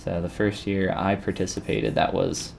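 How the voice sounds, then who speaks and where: A man casually chatting with viewers while he demonstrates 3D sculpting in a live-stream tutorial, relaxed and rambling with frequent restarts. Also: low voice, normal speed, gravelly, a little hiss or hum.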